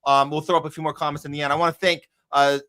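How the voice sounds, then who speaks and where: A man's voice: a little high, little pitch movement, racing, bright, forceful tone. Upbeat man hosting a podcast. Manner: loose, upbeat, restarts often. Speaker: podcast host. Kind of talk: casual live show chat. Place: home studio.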